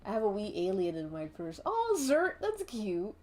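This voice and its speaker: A woman's voice: mid-range voice, wildly swooping pitch, moderate pace, darkish tone. A woman streaming while she draws, chatting in a rambling, giggly way and swearing casually. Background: faint background music.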